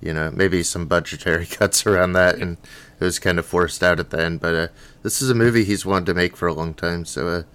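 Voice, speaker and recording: A man co-hosting a podcast in a casual film discussion, relaxed and hesitant with ums. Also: low-pitched, a little fast, clear, resonant tone. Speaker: podcast co-host.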